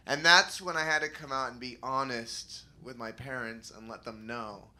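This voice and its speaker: A young man doing stand-up storytelling, animated and jumping into high squeaky voices for the people he quotes. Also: normal speed, hardly any pauses. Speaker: stand-up comedian.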